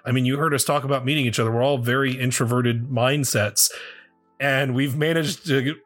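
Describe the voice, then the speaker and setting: A man's voice: mid-range voice, fairly even intonation, brisk, fairly bright tone, soft background music. A young man co-hosting a tabletop game podcast, chatting candidly and swearing freely as he reminisces. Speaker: podcast co-host and player. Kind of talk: casual chat.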